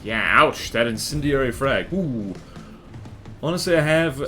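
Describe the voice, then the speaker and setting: A male game streamer with a lively, bouncing voice that rises and falls a great deal. He rambles through his opinions while reacting to the fights on screen and chatting with his viewers. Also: medium pitch, moderate pace, soft background music.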